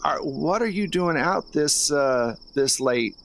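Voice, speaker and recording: A man's voice: a little high, expressive, takes it slowly, fairly bright tone, a little hiss or hum, heavily acted. A man voicing a small-town sheriff who presses insistently and repeats himself.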